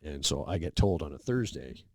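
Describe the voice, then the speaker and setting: A middle-aged man, a podcast guest, telling long stories in a relaxed, casual way and acting out the lines of the people in them. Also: extremely low pitch, moderate pace, dry recording, studio quality. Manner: relaxed anecdotal storyteller, acts out quoted dialogue. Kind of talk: casual storytelling interview.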